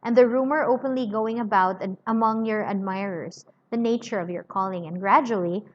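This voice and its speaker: A woman reading aloud as a cool, sardonic Englishman who speaks in measured, quietly cutting sentences, on a slightly muffled lo-fi recording. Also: medium pitch, a little hiss or hum, natural voice.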